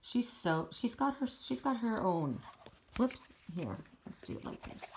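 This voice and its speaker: A woman's voice: on the high side, very animated, a little slow, slight background noise. A woman giving a casual, encouraging oracle card reading, talking in an emphatic, chatty way.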